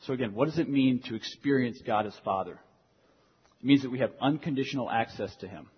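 Young pastor preaching in a reverberant hall. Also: male voice, medium pitch, a little fast, a little hiss or hum. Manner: earnest, repeats key phrases for emphasis. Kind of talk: sermon. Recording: dull lo-fi sound in a reverberant hall.

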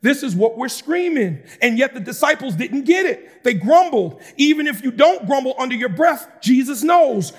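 A man preaching a sermon, moving between calm explanation and fervent shouting with casual asides to the congregation. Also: extremely high pitch, moderate pace, few pauses. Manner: shouts and preaches with rising intensity, conversational asides. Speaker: pastor.

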